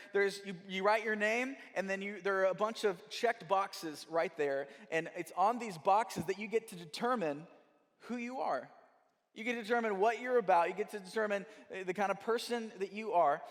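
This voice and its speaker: A young adult man giving a sermon as guest speaker, telling a story in a lively way and acting out the people in it. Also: sits high, normal speed. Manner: animated storytelling with quoted voices. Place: church hall. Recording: church hall with long reverb.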